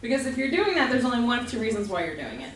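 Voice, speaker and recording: A young woman performs a stand-up set on a club stage, her pitch high and swinging widely as she tells her stories. She talks in a loose, self-deprecating way. The live recording is echoey and picked up from a distance, with audience noise underneath. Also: big pitch swings, very fast. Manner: conversational, self-deprecating, laughing through punchlines. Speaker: stand-up comedian.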